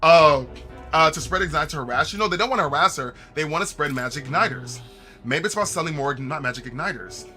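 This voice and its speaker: Young male streamer, very bright and somewhat high voice, animated and joking, with soft music behind him. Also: quick pace. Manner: animated, laughing, reads game dialogue aloud and jokes to chat. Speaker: game streamer. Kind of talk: casual let's-play commentary.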